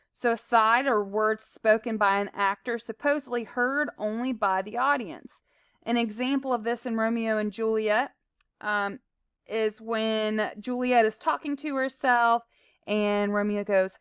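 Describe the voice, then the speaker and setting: Woman, teacher, recorded lesson, fairly high voice, smooth, plain explaining with fillers. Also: a bit bright, no echo.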